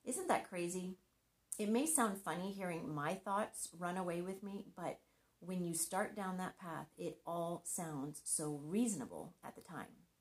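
Middle-aged woman speaker, lowish voice, earnest devotional talk with a light touch of humor. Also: unhurried. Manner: earnest and conversational, with gentle humor. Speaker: Christian marriage speaker.

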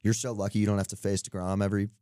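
Fast-talking and dark-toned, this young podcast co-host has a fairly low, level voice as he chats casually about sports bets and tosses in jokey tangents. The sound is clean studio quality, echo-free.

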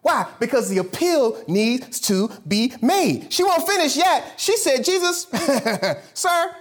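A pastor preaching a sermon to his church, swinging from loud, high bursts down to low murmurs. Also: very animated, slow.

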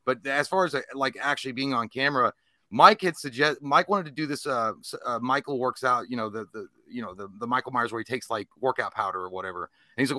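Guest man, rapid profane rambler, bright dry voice. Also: mid-range voice, dry recording. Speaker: podcast guest. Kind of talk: casual chat.

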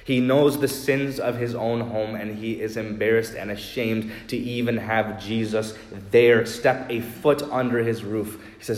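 A pastor preaching a sermon with earnest, measured emphasis, often slowing down and dropping his voice. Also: mid-range voice, reverberant, in a large hall. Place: church.

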